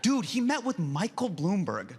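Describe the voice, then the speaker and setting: A man's voice: sits high, wildly swooping pitch, normal speed, breathy edge. A male stand-up comedian telling a story animatedly and slipping into playful mock voices. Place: comedy stage with a live audience. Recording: loud crowd, noisy stage mic.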